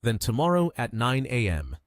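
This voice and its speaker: Mężczyzna jako podekscytowany młody szczęściarz. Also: male voice, medium pitch, big pitch swings, moderate pace, no echo, clean studio sound, close to an everyday voice. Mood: excited. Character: cheerful, lucky young man.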